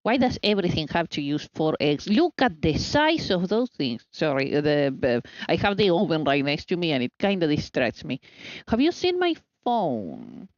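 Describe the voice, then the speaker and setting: A woman's voice: deep voice, very animated, normal speed, hardly any pauses, dry recording, dull audio. A woman streaming herself baking at home, chatting casually and teasing herself as she goes. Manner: chatty, scatterbrained, self-teasing, talking to herself. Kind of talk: casual live-stream chat while baking. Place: home kitchen.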